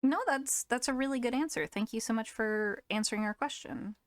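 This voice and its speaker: A lively woman streamer with a slightly high voice, chatting and laughing as she goes. Her sentences trail and restart. The sound is close and dry. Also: fairly quick, no room sound. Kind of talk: casual live-stream chat.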